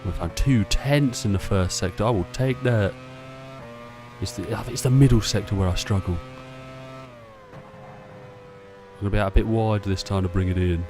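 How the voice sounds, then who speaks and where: A man's voice: on the low side, steady tone, unhurried, long pauses, noisy background. A man chatting casually to himself while playing a racing game. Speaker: gameplay streamer. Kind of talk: casual gameplay commentary.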